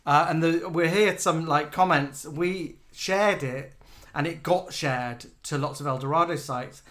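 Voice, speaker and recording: Fairly high-pitched and fairly bright, his delivery runs a little slow. He's a man in his forties co-hosting a relaxed live online show, spinning talkative, self-deprecating stories in between reading viewer comments.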